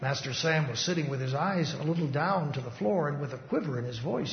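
A man preaching a first-person testimony in a dramatic recitation style, emphatic, swinging between loud and hushed. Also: fairly high pitch, fairly quick, hardly any pauses. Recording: echoey hall, dull lo-fi sound.

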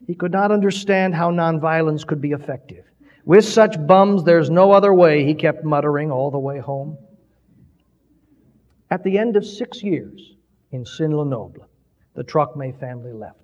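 A man's voice: fairly high pitch, normal speed, a little mellow. A man preaching, telling a story with swelling, dramatic delivery. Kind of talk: sermon storytelling. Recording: dull recording with long hall reverb.

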